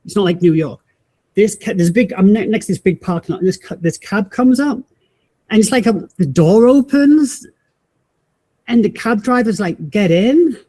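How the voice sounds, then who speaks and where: A woman, a podcast guest telling a personal story in animated fashion, acting out the voices of people she met and often restarting her sentences. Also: mid-range voice, fairly quick. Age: 50s. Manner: acts out quoted voices, frequent restarts.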